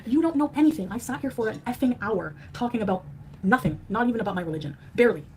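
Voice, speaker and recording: A woman's voice: on the high side, expressive, quick pace, a little hiss or hum. A woman streamer in a heated livestream rant, angry and scornful, trading insults. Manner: angry, name-calling, scornful.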